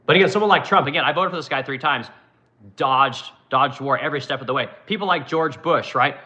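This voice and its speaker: A man's voice: mid-range voice, brisk, sharp tone. A man delivering a heated, profane political rant to his viewers, rambling and asking "right?" as he reads comments. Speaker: live-stream host reading comments.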